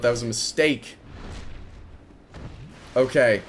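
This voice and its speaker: A man in his twenties telling a rambling story while commenting on his own gameplay, chatty and excitable, breaking off to react loudly. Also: mid-range voice, a little slow, a little hiss or hum. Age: 20s. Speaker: gaming video creator.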